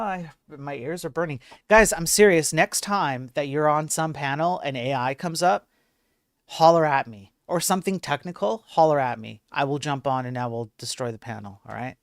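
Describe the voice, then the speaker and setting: A man's voice: fairly high pitch, no echo, clean studio sound. A man hosting a casual coding livestream, chatting with viewers and restarting his sentences often. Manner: chatty, reads and answers chat, frequent restarts. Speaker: livestream host.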